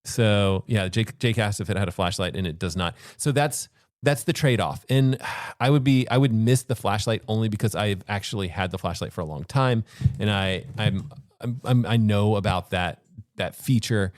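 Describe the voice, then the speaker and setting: A man's voice: lowish voice, moderate pace, no echo, studio quality. A man co-hosting a podcast, chatting casually about gear with a rambling, self-correcting manner. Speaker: podcast co-host and watch reviewer. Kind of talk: casual chat.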